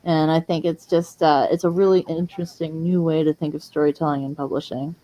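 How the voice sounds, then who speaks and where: A woman with a notably deep voice co-hosts a casual chat show. She responds eagerly and agreeably, building on what her guest says. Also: level tone, brisk, mellow, a little hiss or hum, poor audio. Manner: enthusiastic, agreeable. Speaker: podcast co-host.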